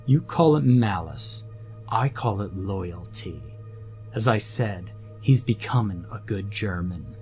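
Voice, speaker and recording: A man's voice: on the low side, lively intonation, slow, darkish tone, faint music behind. A man playing a smug, scheming middle-aged doctor who talks sarcastically and condescendingly.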